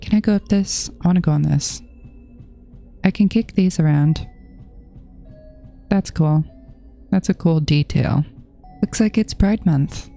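A woman's voice: lowish voice, measured pace, creaky, long pauses, warm tone, soft background music. A woman giving horror game playthrough commentary, muttering to herself and nervously repeating herself. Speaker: gaming channel host.

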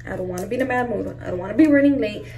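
Young mom vlogging, gushy and emotional, kinda gravelly, a bit off mic. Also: female voice, medium pitch, very fast, dark tone, distant mic. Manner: emotional, gushing, says "y'all" and "like" often. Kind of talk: casual vlog chat to camera.

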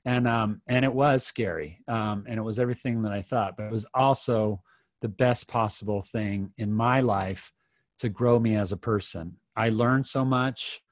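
A middle-aged man appears as a podcast guest, his voice fairly low and his pace moderate, recorded dry with clean studio sound. He tells a personal story earnestly and reflectively, restarting often.

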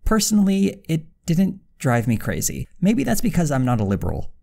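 A man's voice: fairly high pitch, sing-song, moderate pace, vocal fry, dark tone. A man narrating a scripted commentary video in a dry, critical manner. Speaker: video essayist.

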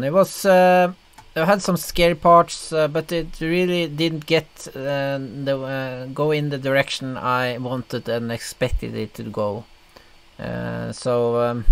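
A man's voice: mid-range voice, clean tone. A man hosting a reaction video, commenting casually in a rambling way with lots of fillers. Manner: rambling, filler-heavy, chuckling.

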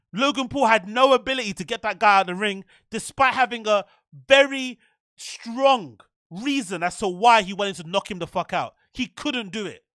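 A man's voice: very high-pitched, bright, forceful tone, no echo. A young man, hosting a podcast, giving exasperated and profane ranting commentary that keeps repeating its questions. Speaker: podcast host.

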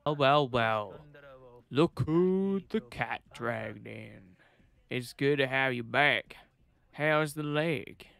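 A commanding police captain barks orders in a riot-police game, as a man reads him out. His voice is smooth and resonant, and he sounds clipped and officious as he briefs his officer. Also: mid-range voice, slow, fairly bright tone. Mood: brisk.

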